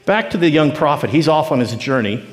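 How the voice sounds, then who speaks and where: A man's voice: a little high, animated, brisk, big-room sound. A man preaching a sermon, telling a story and acting out its people in dialogue. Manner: storytelling preacher who acts out the figures in dialogue. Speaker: pastor.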